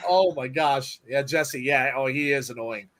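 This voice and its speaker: A man co-hosting a wrestling podcast in casual chat, reading out listener comments and exclaiming loudly at them. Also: mid-range voice, measured pace. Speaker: podcast co-host.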